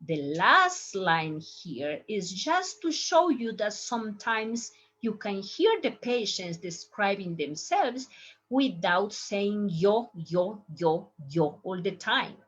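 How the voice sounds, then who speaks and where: Slow, lively Ecuadorian woman teaching. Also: mid-range voice, husky, dull audio. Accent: Ecuadorian Spanish. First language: Spanish. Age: young adult. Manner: slow, deliberate modeling of pronunciation. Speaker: Spanish teacher. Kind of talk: slide-based language lesson.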